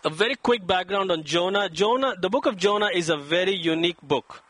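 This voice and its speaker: A man's voice: fairly quick, a bit bright, no room sound. A man preaching a sermon, telling a story and reading scripture, acting out quoted speech with dramatic emphasis. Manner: dramatic, acts out quoted voices with rising pitch. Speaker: pastor.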